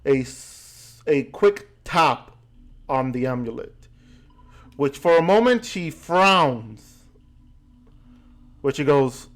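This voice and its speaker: Man narrating a fantasy tabletop game. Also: mid-range voice. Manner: relaxed storytelling with quick asides and restarts. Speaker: game master.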